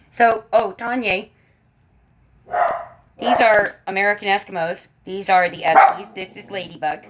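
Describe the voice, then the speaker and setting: A woman with a mid-range voice speaks a little slowly, pausing often, on poor audio. She is hosting a casual livestream from a room at home, chatting to her viewers and her dogs while the dogs bark in the background.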